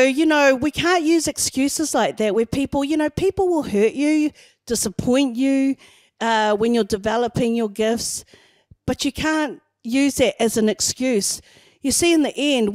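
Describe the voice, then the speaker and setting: A woman pastor delivers a sermon, telling personal stories in an easy conversational way. She is middle-aged, and her voice sits slightly high. The sound is close and dry, with almost no room around it. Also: darkish tone, dry recording.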